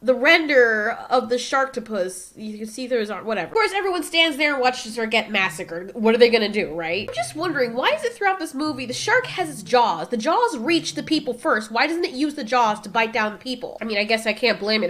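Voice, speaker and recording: A woman's voice: fairly high pitch, animated, a little fast, hardly any pauses, a bit bright. A woman hosting a comedic movie review, talking in a sarcastic, exasperated way. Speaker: movie reviewer and channel host.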